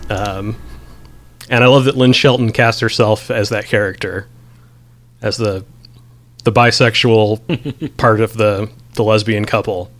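A man's voice: lowish voice, steady tone, a little slow, pauses often, a bit bright. Man, podcast host, casual film chat, hesitant, filler-heavy. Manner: rambling, many ums, reads quotes aloud.

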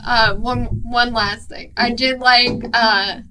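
Bright slow-talking woman gushing about a film. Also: on the high side, fairly even intonation, a little hiss or hum. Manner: enthusiastic, unhurried, many fillers. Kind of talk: casual film discussion.

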